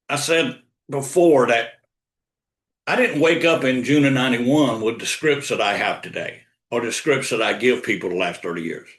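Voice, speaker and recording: A man's voice: medium pitch, fairly bright tone. An older man giving a motivational sales coaching talk, repeating key lines for emphasis. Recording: roomy echo.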